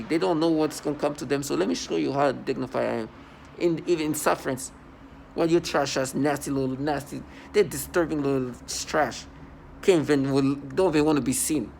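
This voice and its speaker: This vlogger's high-leaning voice carries vocal fry and a slightly mellow quality, with a little background noise in the room. Filming at home, he vents angrily at the camera in a defiant, scornful way, frequently restarting and repeating words.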